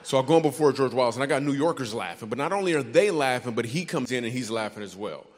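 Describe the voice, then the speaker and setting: Animated stand-up comedian from Michigan. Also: male voice, medium pitch, a little hiss or hum. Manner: animated, playful, with quick asides to the crowd. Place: large theater stage. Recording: hall reverb on a theater stage.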